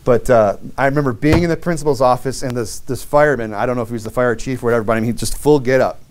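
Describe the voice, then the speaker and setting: A man's voice: medium pitch, racing, slight background noise. A man preaching a sermon through a long personal story, loose and conversational, with many fillers, restarts and wry self-mocking humor.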